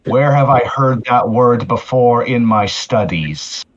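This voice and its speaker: A man playing a tabletop role-playing game who talks deliberately, restarting his sentences. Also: medium pitch, lively intonation, highs cut off. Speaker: player. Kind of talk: tabletop role-play, in and out of character.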